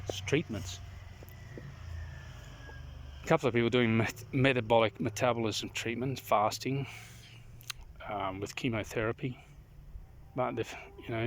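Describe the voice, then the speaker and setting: A man recording a casual outdoor vlog, rambling and opinionated, often clearing his throat. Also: medium pitch, a little hiss or hum. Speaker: vlogger. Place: outdoors in the countryside.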